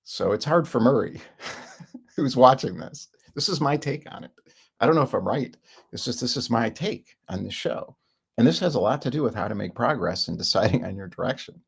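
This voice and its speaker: A man's voice: medium pitch, lively intonation, moderate pace. A middle-aged man giving a rambling self-help talk, full of fillers and frequent chuckles. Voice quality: gravelly, husky.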